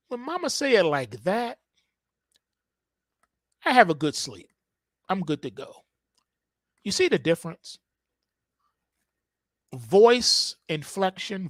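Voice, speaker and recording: A man hosting a market show, telling a casual comic monologue in an animated, slangy way. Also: fairly high pitch, no echo, clean studio sound. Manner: animated, voices quotes, slangy.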